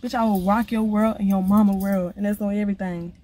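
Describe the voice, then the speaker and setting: A woman ranting casually to the camera, blunt, profane and animated. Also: medium pitch, fast. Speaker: vlogger.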